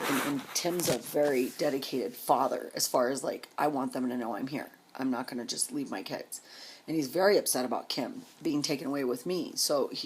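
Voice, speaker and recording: A woman telling her life story casually on a vlog, blunt and swearing freely, with quick emphatic bursts. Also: sits low, slight background noise. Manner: rapid, emphatic delivery.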